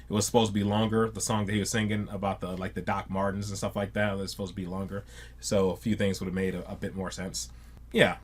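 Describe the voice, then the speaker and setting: A man's voice: fairly low pitch, a bit bright. A man hosting a reaction channel, chatting casually to his viewers, rambling and repeating words, often tacking "man" onto his sentences.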